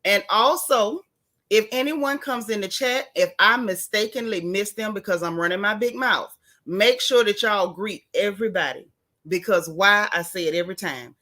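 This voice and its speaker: A woman's voice: mid-range voice, moderate pace, pushed and bright. A woman hosting a casual live stream, chatting and greeting viewers by name with down-home slang.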